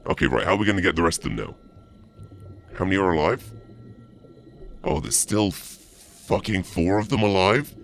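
A man commenting on his gameplay through a voice changer that makes his voice deep and gravelly, swearing and grumbling as he plays. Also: animated, normal speed, long pauses, a little hiss or hum. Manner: swearing, frustrated, joking. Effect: voice changer pitching voice down. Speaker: gameplay streamer.

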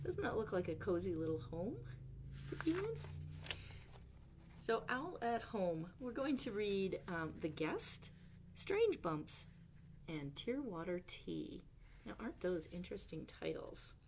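A woman librarian reading a children's book aloud at storytime. She reads slowly and gently, her voice rising and falling with a lively, singsong range. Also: medium pitch, noisy background. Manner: gentle, expressive read-aloud with questions to listeners.

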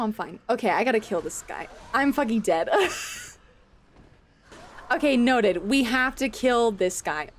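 High, lively-voiced woman streamer. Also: unhurried, long pauses, background noise. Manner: playful, reactive, swears and laughs often, talks to chat. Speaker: game streamer. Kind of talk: live gameplay commentary.

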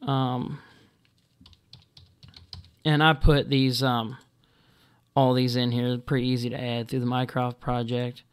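A man talking to camera in a casual monologue, halting and full of ums and restarts, blunt and exasperated. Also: mid-range voice, flat delivery, clean tone. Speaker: video blogger.

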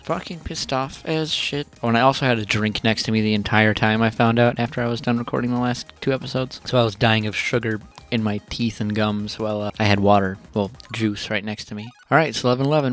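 A man's voice: medium pitch, fairly even intonation, quick pace, few pauses, faint music behind. A man hosting a let's play, rambling casually with lots of swearing and frustration at the game. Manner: profane, frustrated, self-deprecating rambling. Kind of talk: casual gaming commentary.

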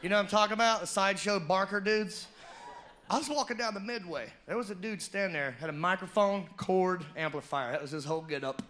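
On a comedy club stage before a live audience, a high-voiced Southern man does a stand-up routine at a brisk clip. His storytelling is loud and animated, full of shouted character voices. Crowd noise and laughter fill the live recording.

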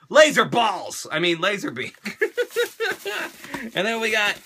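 Toy show host, middle-aged man, high and lively, loud and crude, keeps dropping into silly voices. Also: unhurried, pauses often, husky. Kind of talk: unboxing fan mail.

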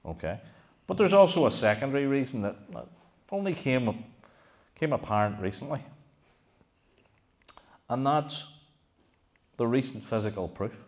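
A man's voice: medium pitch, big pitch swings, moderate pace, pauses often, a little mellow. A middle-aged man giving a public history talk to an audience. He speaks animatedly, puts questions to the room and often restarts his sentences. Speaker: lecturer giving a museum talk.

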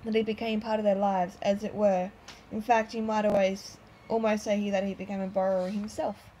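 Woman reading elderly lady, gentle, wistful, hesitant, mid-pitched, faint background hum. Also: little pitch movement, a little fast, close to an everyday voice, poor audio. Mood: musing. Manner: soft, reminiscing, hesitant.

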